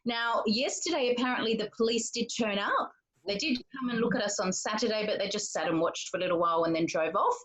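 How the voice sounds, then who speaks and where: A woman's voice: medium pitch, quick pace, a bit bright, poor audio. A woman from Western Australia asking a question on a webinar, speaking hesitantly with frequent fillers. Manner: hesitant, lots of ums and uhs.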